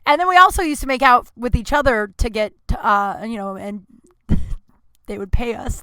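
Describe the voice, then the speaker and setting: Her voice slightly high, bright, smooth and forceful, a woman in her thirties chats her way through stories on her solo podcast at a normal pace. Recorded in a small home closet with no room sound, she meanders with fillers and self-aware laughter.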